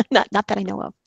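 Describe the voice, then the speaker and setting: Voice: mid-range voice, creaky, darkish tone, slightly rough, dry recording. A podcast host telling a long rambling story in casual group chat, laughing often.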